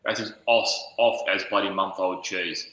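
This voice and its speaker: An excitable man talks football on a live stream, swearing and quick to defend his team. His voice is bright and forceful, and the room echoes around it. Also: low voice. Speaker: football watch-along co-host. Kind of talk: casual live-stream banter.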